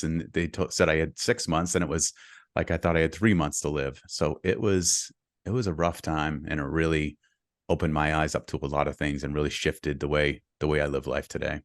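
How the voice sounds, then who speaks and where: Middle-aged man, very low voice, earnest storytelling, dry close sound. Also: level tone, moderate pace, dry recording. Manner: earnest and open, speeds up when reliving the story. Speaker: guest, real estate investor. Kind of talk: candid storytelling in a podcast interview.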